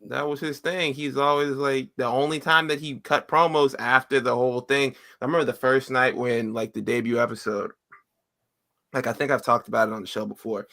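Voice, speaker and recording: Bright-voiced man telling stories. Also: medium pitch, brisk, gravelly. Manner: excitable storyteller. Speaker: podcast co-host. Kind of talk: casual storytelling.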